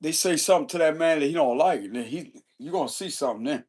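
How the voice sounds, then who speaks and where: Man, fairly high voice, casual tarot reader, slangy and profane, quick to chuckle. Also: darkish tone. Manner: loose, profane, slangy chat; chuckles often.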